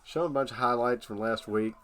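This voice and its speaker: A man's voice: medium pitch, quick pace, a bit bright. A man hosting a live stream, reacting to a broadcast in a laid-back, rambling way. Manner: laid-back, rambling, uses filler phrases. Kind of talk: casual reaction commentary.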